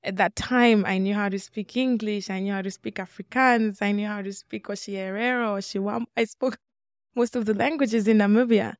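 A woman's voice: mid-range voice, fairly even intonation, normal speed, no echo, studio quality. A woman in her twenties from Congo, a guest telling her life story in an interview and acting out remembered dialogue. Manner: earnest, acts out remembered dialogue. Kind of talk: personal storytelling in a podcast interview.

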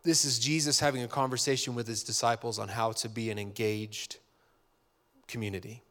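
A man preaching a sermon as a pastor, talking in a conversational, animated way and acting out little dialogues. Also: medium pitch, a little fast.

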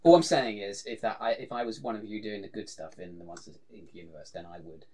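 A man's voice: lowish voice, quick pace, a little mellow, breathy edge. A man hosting a casual podcast chat, running the show and restarting his sentences as he talks. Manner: rambling, self-restarting talk. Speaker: podcast host.

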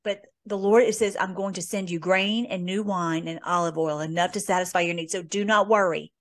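A woman's voice: on the low side, fairly even intonation, fairly quick. Earnest woman reading scripture aloud. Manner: reads scripture aloud, then comments earnestly with fillers. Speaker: host. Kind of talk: conversational Bible teaching.

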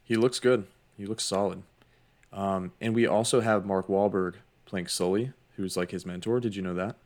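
Easygoing low-voiced man chatting. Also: fairly even intonation, moderate pace, darkish tone. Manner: easygoing, agreeable, hyped. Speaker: podcast co-host. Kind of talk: casual chat.

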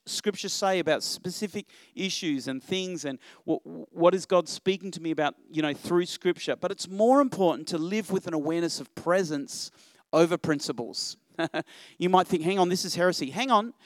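A middle-aged man preaching a church sermon, animated, asking rhetorical questions and swinging between loud urging and quiet reflection. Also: high voice, normal speed, no room sound. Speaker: pastor.

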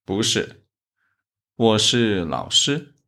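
Brief: male Chinese-accented language teacher, low voice, unhurried, deliberate delivery. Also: very animated, sharp tone. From China. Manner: speaks Chinese examples slowly and deliberately. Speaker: Chinese teacher, podcast host. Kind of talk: slow, methodical language lesson.

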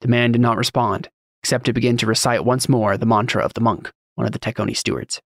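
Male audiobook narrator, steady even read, mid pitch, dry close sound. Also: fast talker, creaky, no room sound.

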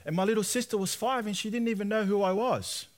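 A man's voice: high-pitched, fast. A young man preaching, telling his own story and acting out the voices in it. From Australia. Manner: animated storyteller, acts out quoted voices. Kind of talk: sermon testimony.

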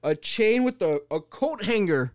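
A young man on a podcast, telling a story in a casual, animated and profane way with many fillers. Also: sits high, a little slow, smooth, dry recording, studio quality. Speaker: podcast host.

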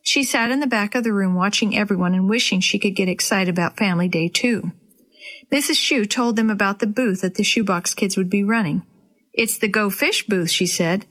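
A woman hosting a children's story program, reading aloud gently and expressively. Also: mid-range voice, brisk.

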